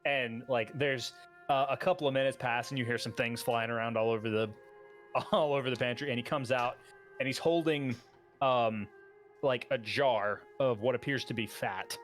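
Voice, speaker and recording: A man's voice: mid-range voice, normal speed, fairly bright tone, soft background music. Man casually narrating a tabletop game. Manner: casual, loose, filler-heavy narration. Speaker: game master.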